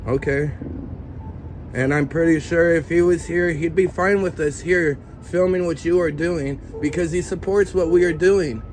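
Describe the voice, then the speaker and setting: A man's voice: fairly high pitch, steady tone, moderate pace, a little mellow. Insistent man arguing on a noisy street. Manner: lecturing, insistent. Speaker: citizen filming police. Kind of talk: confrontational street argument. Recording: street noise around.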